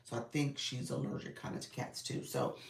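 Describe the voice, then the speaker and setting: A woman business coach hosting a casual livestream. She is under the weather and a bit raspy, and she greets viewers by name in an upbeat, encouraging way. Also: a little fast, reverberant, far from the mic.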